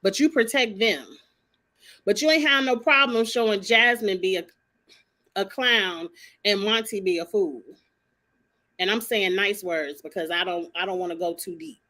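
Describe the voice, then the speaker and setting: A woman's voice: medium pitch, moderate pace, bright, forceful tone. Sassy, blunt woman ranting. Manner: blunt, sassy, swears freely. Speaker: vlogger commenting on a reality show. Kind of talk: casual opinionated commentary.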